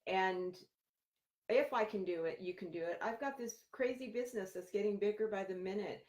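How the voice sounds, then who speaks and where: A woman's voice: medium pitch, normal speed, darkish tone, echoey room. A middle-aged woman, a therapist, talking casually and candidly to viewers with lots of fillers and encouragement. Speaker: therapist and podcaster. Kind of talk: casual live video talk to viewers.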